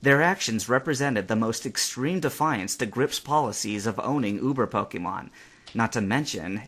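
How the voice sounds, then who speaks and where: Expressive male storybook narrator. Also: mid-range voice. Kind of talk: audiobook narration of fan fiction.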